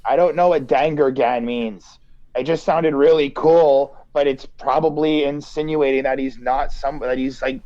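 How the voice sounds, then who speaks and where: A man co-hosting a podcast, talking casually about an album in a relaxed, hesitant way with many restarts. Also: mid-range voice, unhurried, no room sound, dull audio. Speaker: podcast co-host. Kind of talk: casual album review chat.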